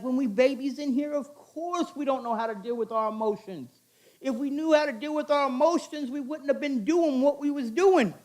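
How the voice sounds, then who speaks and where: High-voiced man preaching an informal sermon. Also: darkish tone. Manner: repetitive, earnest and conversational. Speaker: chapel speaker.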